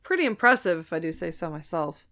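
A woman's voice: fairly low pitch, sing-song, fast talker, pushed and bright. A woman co-hosting a podcast in casual chat, reading a story aloud and joking with laughs and swearing. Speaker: podcast co-host.

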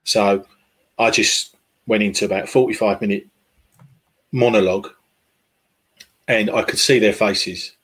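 A man's voice: fairly low pitch, fairly even intonation, unhurried, long pauses, fairly bright tone, slightly rough. A man, a podcast guest, talking casually and hesitantly with many fillers and restarts. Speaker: podcast guest, football club fan liaison. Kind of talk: casual conversational interview.

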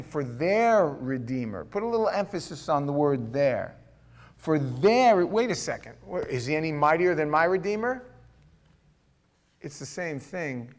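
A middle-aged man preaching a conversational sermon, emphatic at times and dropping to quiet asides. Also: fairly high pitch. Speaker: pastor.

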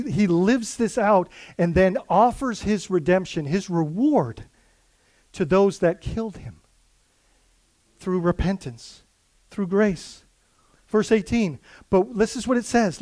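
A man's voice: sits high, a little slow, a little mellow, dry recording. A male pastor giving an earnest, conversational sermon, full of fillers and restarts.

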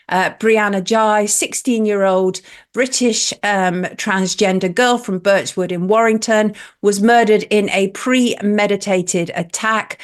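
A woman hosting a news talk radio show, speaking in an earnest, measured way. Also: medium pitch.

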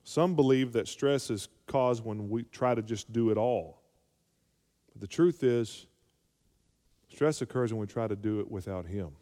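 A man's voice: on the low side, unhurried, mellow. A male pastor preaching a sermon, calling for amens and rising to emphatic peaks. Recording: long hall reverb.

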